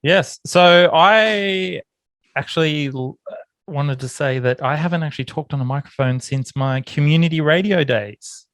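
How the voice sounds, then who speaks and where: A man's voice: measured pace, dry recording. Chatty Australian man, dry close sound. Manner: animated storyteller, rises in pitch when excited. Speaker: podcast co-host. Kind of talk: casual chat between mates. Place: home office.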